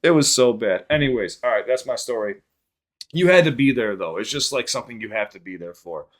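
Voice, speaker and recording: A man hosting a reaction channel, rambling through a story and quick sign-off plugs in casual chat. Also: medium pitch, animated.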